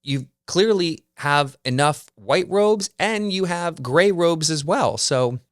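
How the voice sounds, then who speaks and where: A man's voice: on the high side, lively intonation, slow pace, dry recording, clean studio sound. A man hosting his own podcast, telling a story in a chatty, wry way with lots of casual fillers. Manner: chatty and wry, heavy use of "like". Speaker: podcast host.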